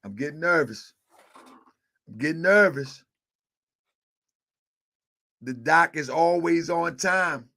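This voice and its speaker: Man, host, casual livestream chat, high pitch, gravelly, excitable and repetitive. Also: slow pace, pauses often. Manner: repetitive, excitable, joking while waiting. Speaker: live show host.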